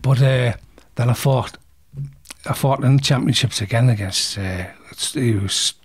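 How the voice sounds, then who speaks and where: Husky man telling a story. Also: mid-range voice, unhurried. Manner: blunt, swears freely, acts out fight scenes. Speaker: interview guest. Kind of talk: casual storytelling.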